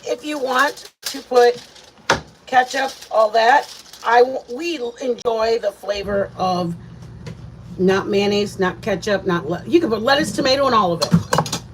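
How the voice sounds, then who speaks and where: A woman from Michigan hosting a casual cooking vlog, chatty and excitable, talking straight to her viewers. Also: a little high, measured pace, background noise. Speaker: home cooking vlogger. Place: home kitchen. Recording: kitchen with loud frying and sizzling.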